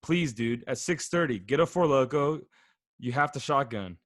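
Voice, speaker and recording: A young man hosting a podcast, telling a story with laughter and reading text messages aloud in a flat, mocking voice. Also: mid-range voice, moderate pace, dry recording, studio quality. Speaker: podcast host. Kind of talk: casual chat.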